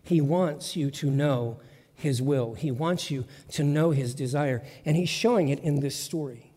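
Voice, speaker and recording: A man's voice: a little high, measured pace, warm tone. A man preaching a sermon as pastor, in an emphatic, conversational way with lots of repetition. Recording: long church reverb.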